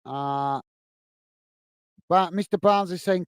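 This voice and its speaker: A man's voice: a little high, moderate pace, smooth, no echo. A man hosting a live football watch-along, chatting casually between match commentary and reading viewers' messages, with rambling self-corrections and a friendly "mate" manner.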